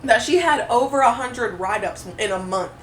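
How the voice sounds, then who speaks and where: A woman co-hosting a podcast, telling a story in a casual, animated way, swearing freely and acting out what others said. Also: on the high side, moderate pace. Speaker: podcast co-host. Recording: roomy echo, mic at a distance, faint noise.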